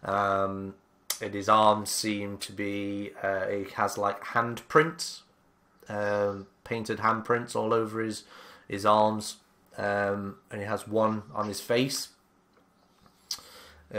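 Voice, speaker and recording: Man, game master, tabletop game narration, slow-talking, hesitant, bright tone. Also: lowish voice, level tone. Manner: unhurried, hesitant, many fillers.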